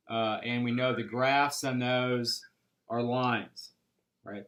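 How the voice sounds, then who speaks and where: Man, math instructor, classroom lecture, patient, explanatory, medium pitch. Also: steady tone, slow pace, a bit bright. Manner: patient, explanatory, with frequent "uh" and "right?".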